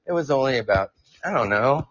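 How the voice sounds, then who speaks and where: Male live-stream host, casual and rambling, mid-pitch, stumbles often; dry, dull earphone-mic sound. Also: lively intonation, fairly quick, fairly bright tone, dry recording. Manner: rambling, stumbles over words, jokey asides to chat. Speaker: podcast host. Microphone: new earphones mic.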